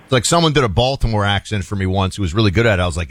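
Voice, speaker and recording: A man's voice: on the low side, expressive, very fast, dry recording, clean studio sound. A man hosting a call-in radio talk show, chatting loosely with many fillers and restarts.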